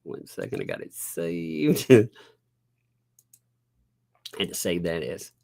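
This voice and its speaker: Sarcastic guy on a live stream, laughing a lot, bouncy pitch, dry close sound. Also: huge pitch swings, slow, gravelly, darkish tone, dry recording. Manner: chatty, talks while working on screen. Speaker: host.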